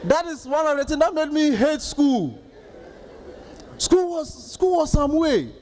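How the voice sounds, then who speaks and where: A man in his thirties with a Ghanaian accent doing stand-up comedy, telling stories in an animated way and acting out the outbursts of others. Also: extremely high pitch, a little slow, a faint crowd, a little hiss or hum.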